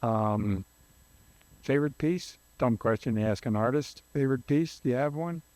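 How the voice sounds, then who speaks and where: A man's voice: mid-range voice, moderate pace, a little mellow, no echo. A male talk show host interviewing a guest, prompting with short, encouraging follow-up questions.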